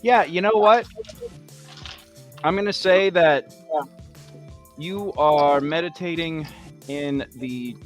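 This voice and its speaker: A man running a tabletop roleplaying game as game master, narrating scenes in a relaxed, descriptive way with lots of fillers. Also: mid-range voice.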